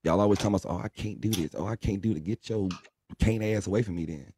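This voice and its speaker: A man's voice: lowish voice, quick pace, warm tone, a little hiss or hum. A young man co-hosting a casual live stream, talking bluntly and with lots of profanity, lecturing his viewers. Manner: blunt, profane, preachy pep talk. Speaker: livestream co-host.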